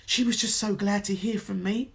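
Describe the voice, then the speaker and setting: An emotional middle-aged woman coach talks straight to her viewers in a heartfelt, earnest way, her voice at an ordinary middle pitch for a woman. She sounds moved, as if close to tears, yet keeps encouraging and lifting her listeners. She comes across as sincere and personal. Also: fairly even intonation, normal speed, gravelly. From England. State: runny nose, emotional. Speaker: motivational speaker and coach. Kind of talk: emotional direct-to-camera talk.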